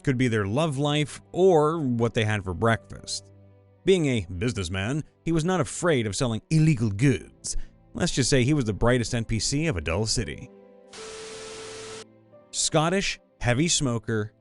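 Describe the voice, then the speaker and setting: Expressive man reading game stories. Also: mid-range voice, normal speed, soft background music. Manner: expressive, playful storytelling. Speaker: narrator reading listener stories. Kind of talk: reading tabletop game anecdotes aloud.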